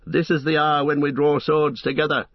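A man's voice: on the high side, little pitch movement, normal speed, no room sound, lo-fi sound, pitched above the performer's own voice. A man playing a noble warrior leader. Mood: resolute. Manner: resolute, rallying.

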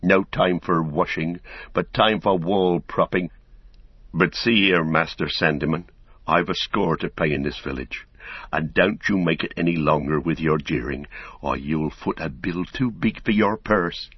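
A man's voice: deep voice, measured pace, husky, no echo. A man doing a blunt stout-hearted hobbit. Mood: stern. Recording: dull, dry recording.

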